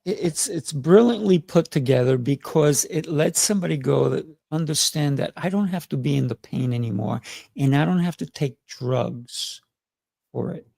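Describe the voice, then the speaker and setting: A man with a fairly high, gravelly voice hosts a friendly interview, enthusiastic and quick to affirm. The sound is close and dry, with little room around it. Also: dark tone, no echo. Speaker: show host, interviewer. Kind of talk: conversational interview.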